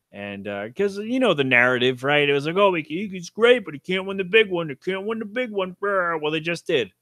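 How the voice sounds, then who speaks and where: A man's voice: medium pitch, bright, forceful tone, dry recording, studio quality. A man hosting a casual solo podcast, rambling offhand and self-deprecating about sports, with casual swearing. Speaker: podcast host.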